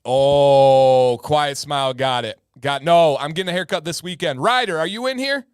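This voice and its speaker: A man's voice: fairly high pitch, brisk, a bit bright, no room sound, studio quality. A man hosting a casual livestream, chatty and joking, greeting viewers by name, with a slightly sore throat. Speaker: livestream host.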